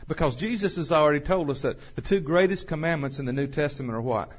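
A man preaching a sermon as pastor, slowing and swelling when he reads scripture. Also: a little high. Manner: folksy, swells louder and slower on scripture.

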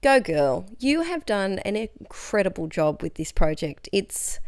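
A woman's voice: medium pitch, very animated, measured pace, a little mellow, no echo. Young woman doing a scrapbook voice-over, super chatty and enthusiastic, dry close mic. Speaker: scrapbooking crafter; teacher. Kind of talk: casual craft voice-over.

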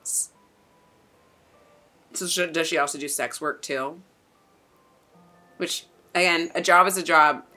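A woman's voice: sits low, steady tone, slow pace, pauses often, sharp tone, faint music behind. A young woman hosting a casual anime reaction, chatty and exclamatory, swearing and laughing as she talks.

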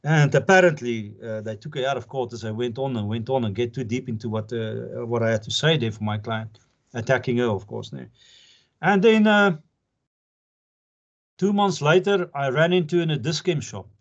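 A man's voice: mid-range voice, normal speed. Chatty older man lecturing, lo-fi sound. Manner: chatty, jokey, earnest, laughs often. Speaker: advocate lecturing pupils. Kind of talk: informal lecture with anecdotes. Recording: dull lo-fi lecture recording.

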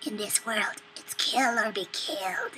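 A woman's voice: very high-pitched, big pitch swings, slow, background noise, pitched above the performer's own voice, exaggerated voice. A woman voicing a sly little flower creature in a video game, sweet and coaxing at first, then whispering menacingly. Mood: sinister whisper. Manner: sweet sing-song turning to sinister whisper.

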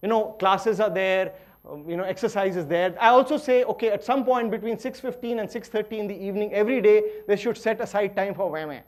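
A middle-aged man with an Indian English accent giving a lively, playful workshop lecture that swings between loud emphasis and quiet asides. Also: high-pitched, fairly quick.

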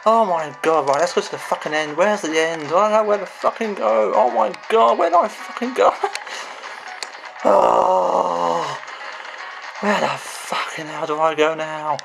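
A man's voice: high-pitched, measured pace, gravelly, rough recording. A man giving frustrated gameplay commentary, swearing and exclaiming. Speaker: gamer. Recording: game music behind the voice.

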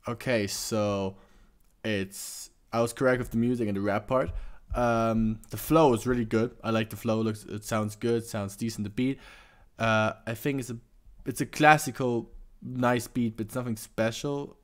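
A man's voice: medium pitch, fairly even intonation, normal speed. A man hosting a reaction video, chatting casually with lots of fillers and restarts. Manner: hesitant, many fillers and restarts.

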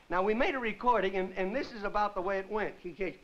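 A man's voice: high-pitched, quick pace, few pauses. A male comedian hosting a TV variety show, rambling goofily through a monologue and tripping over his words on purpose, on a dull, hissy 1950s broadcast. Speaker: comedian host.

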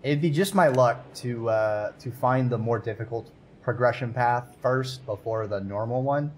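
There's slight background noise as a medium-pitched man streams a video game at a moderate pace. He keeps up excitable, casual commentary for himself and his viewers, cursing and yelping at the game.

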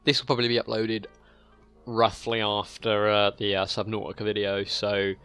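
A drunk young man giving rambling, profane commentary as he plays a video game, now and then breaking into sudden yells. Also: lowish voice, completely flat delivery, normal speed, smooth, faint music behind. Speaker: gaming channel host.

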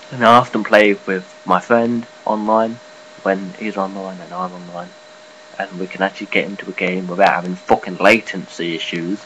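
A man giving a casual, rambling vlog update, swearing offhandedly and filling pauses. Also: deep voice, bright, forceful tone, slight background noise, poor audio. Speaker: gaming and news vlogger.

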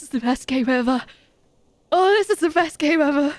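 A woman with a high, bright voice chats through a live game stream, bursting into excited giggles and squeals. Her voice is recorded close and dry on a desk mic, with no room echo. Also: moderate pace. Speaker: Twitch streamer.

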